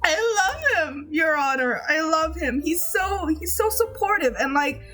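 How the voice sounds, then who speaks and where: A woman's voice: high voice, expressive, measured pace, pushed and bright, faint music behind. A woman streamer chatting casually, gushing and giggling as she rambles with many restarts. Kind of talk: casual chat recapping a game.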